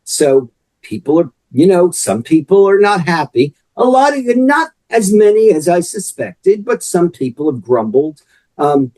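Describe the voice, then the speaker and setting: A man's voice: high-pitched, very animated, a little slow, a little mellow, no room sound, low-quality recording. A man, an author and wrestling historian, talking as a guest on a podcast in a chatty, explanatory way. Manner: chatty, explanatory, with frequent "you know". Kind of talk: podcast interview.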